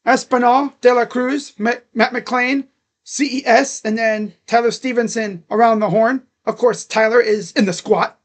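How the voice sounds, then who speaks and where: A man calling a ball game live as a fan from his room at home, excitable, chatting to viewers and shouting at the players. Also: very high-pitched, unhurried. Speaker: fan streamer calling play-by-play. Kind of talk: live fan reaction and play-by-play. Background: dogs barking.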